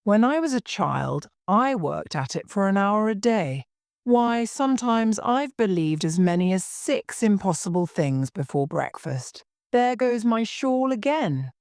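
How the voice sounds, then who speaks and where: A woman voicing a fussy, scatterbrained old queen who talks in a high, fluttery way and breaks into wailing cries. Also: very animated, measured pace, darkish tone, no room sound, clean studio sound.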